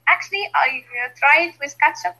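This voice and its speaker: A woman's voice: high voice, moderate pace, creaky, pushed and bright, rough recording. A young woman from Egypt, a native Arabic speaker, answering in an online English lesson with hesitant fillers and grammar slips. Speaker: English learner.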